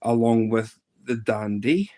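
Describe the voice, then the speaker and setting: Scottish man, thirties, casual livestream storytelling, rambling, middle-pitched voice. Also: slow, a little mellow. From Scotland. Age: 30s. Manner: rambling, jumps pitch to mimic others in anecdotes. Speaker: live streamer.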